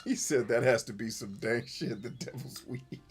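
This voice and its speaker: A man hosting casual gameplay commentary, joking crudely and yelling at characters on screen. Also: medium pitch, moderate pace, breathy edge. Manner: crude, goofy joking, shouting at the game. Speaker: gaming channel host.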